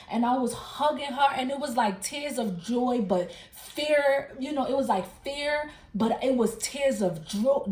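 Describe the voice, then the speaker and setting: A woman's voice: sits high, a little mellow, echoey room. A woman who hosts a tarot channel, casually telling the story of a dream in an emphatic way, repeating and rephrasing herself as she goes. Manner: emphatic and repetitive, circling back to rephrase. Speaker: tarot reader and channel host.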